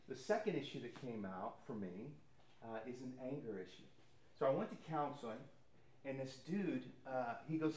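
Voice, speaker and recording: Speaking in a medium pitch with a slightly mellow quality, this man preaches a sermon. He's a pastor sharing testimony through conversational personal stories, voicing the people he quotes, and the room around him echoes.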